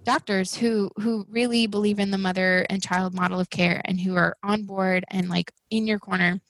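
A woman in her thirties, a podcast guest, speaking in a casual conversational way and acting out other people's words in an animated voice while she tells her stories. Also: mid-range voice, normal speed, no room sound, rough recording. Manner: animated storytelling, acts out quoted people in raised voices.

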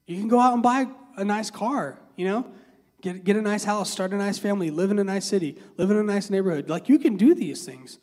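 Man, high voice, casual preacher, chatty with many restarts, long hall echo. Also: brisk, darkish tone. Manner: conversational, many fillers and restarts. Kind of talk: casual sermon.

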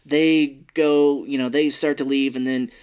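A man co-hosting a podcast, casually retelling a film's scenes and doing high put-on voices for the characters. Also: level tone, unhurried, a little mellow, clean tone. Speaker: podcast co-host. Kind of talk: casual movie recap chat.

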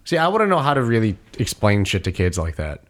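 Lively low-voiced man chatting casually. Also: quick pace. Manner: animated storyteller, acts out quotes. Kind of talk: casual chat.

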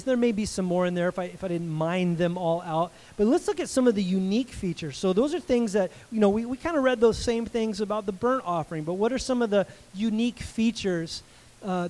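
A man in his forties, a pastor giving a sermon in a conversational, animated way, with asides to the congregation. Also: high voice, rough recording.

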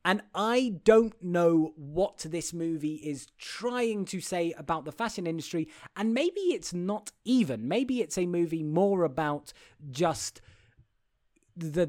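Man with a raised voice, reviewing a film. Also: fairly high pitch. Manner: rambling, restarts often, opinionated. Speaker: podcast co-host. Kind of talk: casual film review chat.

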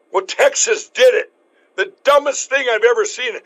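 A man hosting a talk show, talking in a rambling, emphatic way with many restarts, his voice going hoarse. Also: very high voice, normal speed, a bit bright, low-quality recording. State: losing his voice. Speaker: show host. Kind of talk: casual talk show chat.

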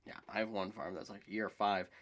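A man co-hosting a casual chat, rambling excitedly and swearing casually. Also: on the low side, fairly quick. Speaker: podcast co-host.

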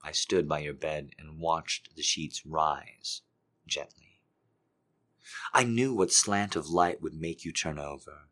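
A man voicing a dominant, seductive grown man in a slow, breathy whispered role-play. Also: bright, forceful tone, full character voice. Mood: tender. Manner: slow, low, breathy murmur.

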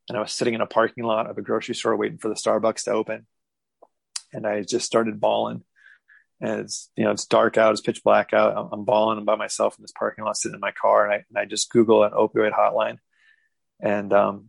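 A man in his thirties telling a candid personal story as an interview guest, halting with many restarts. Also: on the low side, gravelly, no room sound, low-quality recording.

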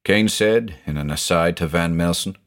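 A man narrating a scripted audio mystery drama in a dramatic, expressive storytelling manner. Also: low voice, moderate pace.

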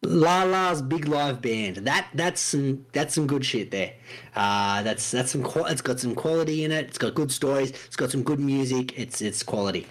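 A man's voice: mid-range voice, expressive, normal speed. A young man co-hosting a casual podcast, blunt and joking, swearing freely. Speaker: podcast co-host.

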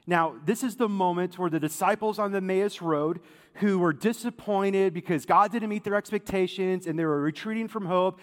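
A man with a high voice preaches a sermon in a relaxed, conversational way. He talks with lively asides and plenty of fillers. His voice rings out with the long echo of a large church hall. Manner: casual, animated preaching with many fillers. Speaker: pastor.

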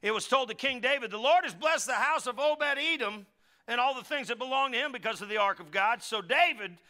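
A middle-aged man preaching a lively sermon as pastor, acting out quotes in character voices and having the congregation repeat after him. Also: very high-pitched, brisk.

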